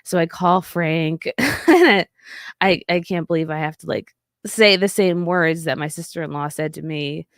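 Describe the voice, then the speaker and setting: A woman comedian telling fans a personal story, halting and emotional, choked up and near tears, swearing and restarting as she goes. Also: on the low side, dry recording, clean studio sound.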